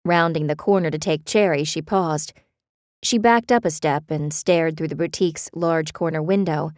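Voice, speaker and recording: A woman narrating a romance audiobook in a steady storytelling manner. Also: sits low, normal speed, no echo, studio quality. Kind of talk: scripted narration.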